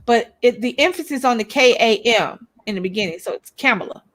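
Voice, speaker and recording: High-voiced lady co-host, outspoken, curses a lot, says things twice to make her point. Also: lively intonation, a little fast, few pauses. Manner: blunt and outspoken, swears freely; emphatic, repeats points for effect. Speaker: co-host of a couples' YouTube channel. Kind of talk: casual opinionated chat.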